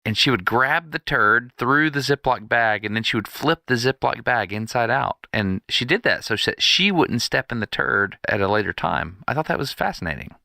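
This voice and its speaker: A man's voice: medium pitch, lively intonation, normal speed, vocal fry, hardly any pauses, bright, forceful tone, no echo, clean studio sound. A man co-hosting a podcast, telling a story in casual chat and acting out the people in it. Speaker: podcast co-host.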